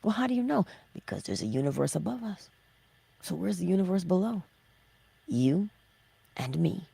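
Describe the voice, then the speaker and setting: Gravelly low-voiced woman giving spiritual pep talk. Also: sing-song, normal speed, dry recording. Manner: asks rhetorical questions and answers them herself; drops into hushed, whispered emphasis. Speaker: host of a morning inspiration livestream.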